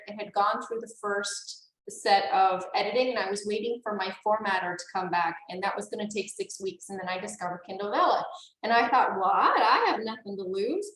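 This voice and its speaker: A woman's voice: medium pitch, fairly bright tone. A woman in her forties, an author and guest, chatting enthusiastically in an interview and laughing often. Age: 40s. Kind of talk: casual interview chat. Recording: roomy echo.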